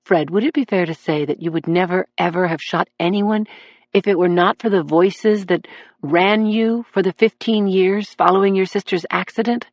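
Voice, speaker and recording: Woman voicing a cool, even defense lawyer. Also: high-pitched, normal speed, no room sound, lo-fi sound. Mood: composed. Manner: calm, matter-of-fact, even. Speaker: defense attorney.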